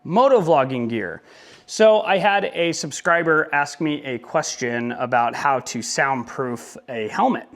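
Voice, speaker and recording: A man's voice: a little high, unhurried, few pauses, fairly bright tone. A young man talking casually in a motorcycle vlog, rambling with joking asides. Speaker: motovlogger.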